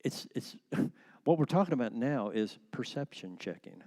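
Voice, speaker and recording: A man teaching a church class on marriage in a relaxed conversational way, explaining with everyday metaphors. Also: medium pitch, normal speed.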